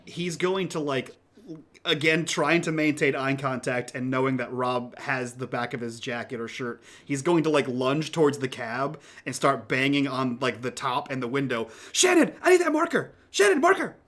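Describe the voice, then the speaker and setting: A man playing a tabletop game, describing his character's actions in an animated way. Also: mid-range voice, moderate pace. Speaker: player.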